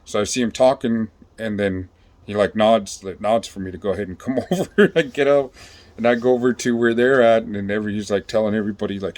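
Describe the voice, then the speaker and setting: A man's voice: lowish voice, quick pace, darkish tone. A man casually telling his own story on a vlog, rambling and swearing, with many fillers and restarts.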